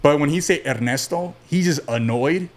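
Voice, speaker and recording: A man telling stories in a relaxed ramble. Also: fairly high pitch, moderate pace. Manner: relaxed, rambling, frequent fillers and restarts. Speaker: podcast guest. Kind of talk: casual storytelling interview.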